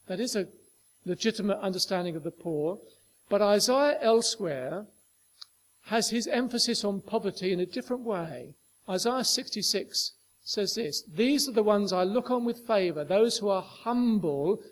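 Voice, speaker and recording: A man preaching a sermon, emphatic and full of rhetorical questions to his listeners. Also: sits high.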